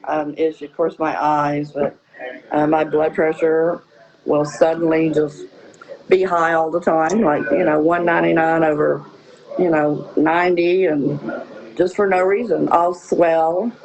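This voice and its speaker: A woman's voice: deep voice, fairly even intonation, a little slow, a crowd in the background, low-quality recording. A woman telling her own story in a casual interview, rambling with many "you know" fillers. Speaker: guest.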